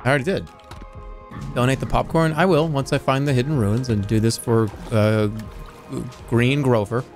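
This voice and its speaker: A man streaming a video game with goofy, excitable running commentary and sudden yelps. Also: mid-range voice, moderate pace, soft background music. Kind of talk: live gameplay commentary.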